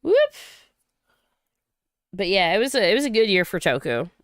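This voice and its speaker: A woman from Saint Louis hosting a casual livestream, chatty and quick to laugh and cheer, on a close home mic. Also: medium pitch, very animated, no room sound. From Saint Louis, USA. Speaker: livestream host.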